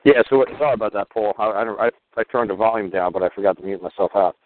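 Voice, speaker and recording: A man's voice: on the low side, steady tone, fast, slight background noise. Blunt rambling male radio host. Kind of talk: call-in show talk. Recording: dry tinny phone-line sound.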